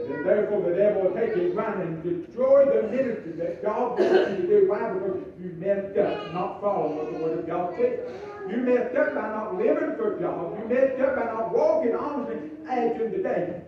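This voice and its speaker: A man preaching a folksy sermon with humorous asides to his congregation. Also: high voice. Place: church sanctuary. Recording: echoey church room from a distant mic, dull sound.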